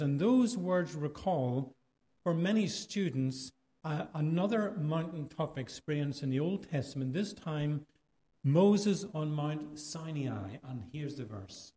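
Irish male preacher, slightly high, warm tone, chatty sermon delivery with rhetorical questions. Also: animated, slow. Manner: conversational, rhetorical questions, varied pace.

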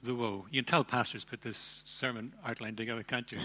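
A man preaching a sermon, emphatic, with dramatic pauses and repeated phrases. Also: medium pitch, fairly even intonation, pushed and bright. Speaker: pastor.

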